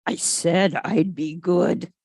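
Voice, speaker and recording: A woman's voice: fairly low pitch, steady tone, takes it slowly, a little mellow, no echo, studio quality, pitched below the performer's own voice. Woman doing an eager cake-loving dog. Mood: tempted.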